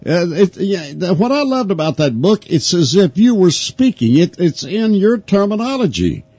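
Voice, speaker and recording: Man, folksy radio host, joking, very animated pitch, dry muffled archive sound. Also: normal speed, slightly rough, dry recording. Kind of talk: phone interview. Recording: dull archived phone interview.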